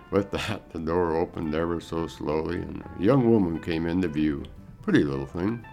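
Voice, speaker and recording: Deep-voiced folksy male storyteller. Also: gravelly, dark tone, faint music behind. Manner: folksy, unhurried. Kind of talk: storytelling narration.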